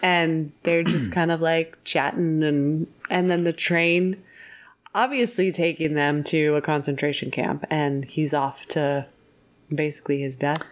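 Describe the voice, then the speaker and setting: Woman co-host recapping a film, low voice. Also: fairly even intonation. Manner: retells plots with quick acted-out quotes and laughs. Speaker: podcast co-host. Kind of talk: casual film discussion.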